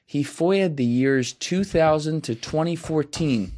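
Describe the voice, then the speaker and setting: A man's voice: on the high side, slow pace. A man hosting a podcast, talking casually and swearing freely, acting out quoted voices as he tells a story. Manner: animated, profane storytelling with mimicked voices. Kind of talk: casual chat.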